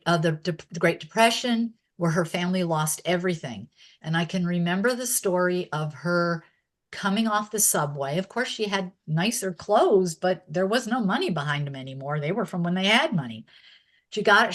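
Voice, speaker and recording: A woman being interviewed, chatting casually as she recalls old stories and laughing often. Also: on the low side. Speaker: interview guest.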